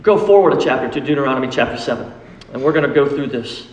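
A man's voice: medium pitch, expressive, fast. A male pastor preaching a sermon, emphatic and rising into acted pleas. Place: church sanctuary. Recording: echoey hall with long reverb.

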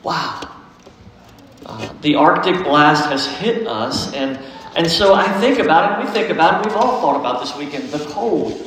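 Pastor, earnest sermon voice, higher pitch, echo-heavy hall. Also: male voice, big pitch swings, normal speed, a bit bright, distant mic. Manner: earnest, folksy. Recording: echoey hall, faint noise.

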